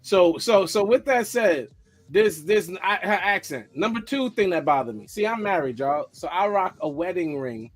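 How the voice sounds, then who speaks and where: A man, co-hosting a podcast, trading teasing, animated banter and laughing often. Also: high-pitched, normal speed, soft background music. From New York. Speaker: podcast co-host.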